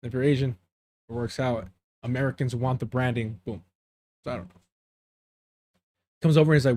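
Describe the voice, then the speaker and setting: A man's voice: mid-range voice, steady tone, moderate pace, pauses often, a little mellow. A man from the US–Mexico border region, live streaming as host and telling a long, rambling story to his chat, dropping Spanish phrases in and often losing his words. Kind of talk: casual rambling chat with viewers.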